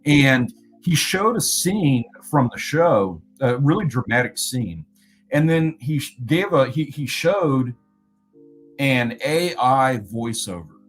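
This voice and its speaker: A man with a slightly husky voice at an ordinary middle pitch talks through a recap in a loose, rambling way. He often pauses to hunt for the word he wants. Faint guitar music plays underneath. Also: low-quality recording. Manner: rambling, often searches for words. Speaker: video creator recapping a conference. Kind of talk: casual spoken recap.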